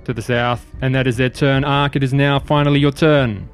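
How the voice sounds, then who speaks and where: A man running a tabletop game as game master, narrating rolls and actions in a steady, matter-of-fact way. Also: medium pitch, normal speed, faint music behind.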